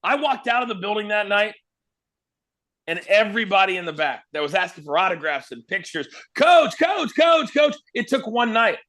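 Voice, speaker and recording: Man, high voice, bright tone, lively storyteller, interview guest. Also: a little fast. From Kansas, USA. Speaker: guest, former wrestling broadcaster.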